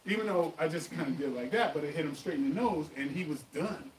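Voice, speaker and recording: A man hosts a live martial arts question-and-answer stream, telling stories with animated emphasis. His voice sits fairly high. It comes from off-mic in an echoey room with a faint hiss. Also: fast, far from the mic. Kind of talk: live stream chat and storytelling.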